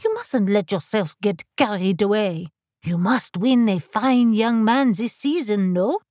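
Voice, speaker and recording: A woman's voice: medium pitch, unhurried, darkish tone, no room sound, clean studio sound, close to an everyday voice. A woman voicing a stern older dressmaker who scolds a young lady. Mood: scolding. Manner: snappish, scolding.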